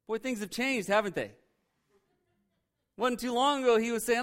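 Speaking at normal speed in a very high voice and leaving long pauses, a male pastor works through a Bible passage conversationally. His sermon is animated and full of jokes and sarcastic remarks.

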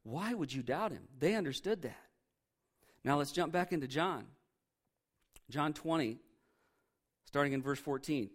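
A pastor preaching a sermon in a conversational way, with joking asides. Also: male voice, on the high side, lively intonation, a little slow, pauses often.

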